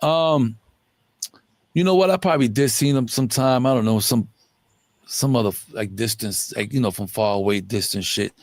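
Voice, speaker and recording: A man's voice: mid-range voice, normal speed, no room sound. A middle-aged man telling a long story in an interview, rambling in profane street slang. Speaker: interview guest.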